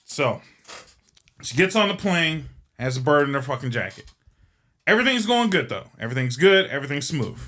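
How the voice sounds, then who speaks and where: A man's voice: a little high, sing-song, a little fast, long pauses, bright, forceful tone. A man hosting a podcast, telling a long joke in a casual, rambling and profane way. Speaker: podcast host. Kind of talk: casual storytelling.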